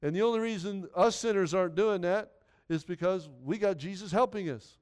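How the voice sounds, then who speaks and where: Smooth-voiced man preaching earnestly. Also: sits high, fairly quick, a little mellow. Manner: earnest, repetitive, conversational preaching. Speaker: pastor. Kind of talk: sermon.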